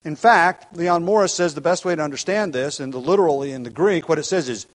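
A man's voice: on the high side, quick pace, few pauses, rough recording. A man teaching the Bible, explaining at length and thinking aloud with frequent restarts.

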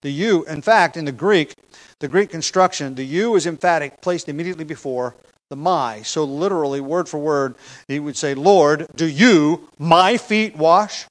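A man's voice: a little high, moderate pace, poor audio. A man preaching an expository sermon, explaining a text with emphasis, occasional fillers and light chuckles.

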